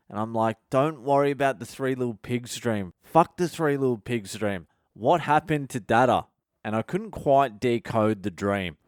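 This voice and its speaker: A man's voice: mid-range voice, darkish tone, smooth, dry recording, studio quality. A man hosting a comedy podcast, ranting and telling stories in a profane, casual monologue. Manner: profane, ranting, heavy swearing. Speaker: podcast host.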